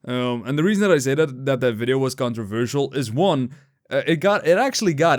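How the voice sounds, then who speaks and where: A man's voice: medium pitch, lively intonation, brisk, no echo, studio quality. A young man giving unscripted, rambling commentary, casual and profane, with many fillers and restarts. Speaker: YouTube commentator.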